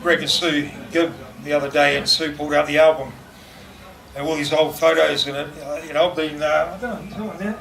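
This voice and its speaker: A man's voice: fairly high pitch, steady tone, fairly quick, vocal fry, crowd noise. A middle-aged man giving a rambling memorial speech, full of fillers and laughing through anecdotes. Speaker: eulogist at a memorial. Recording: distant mic with background noise.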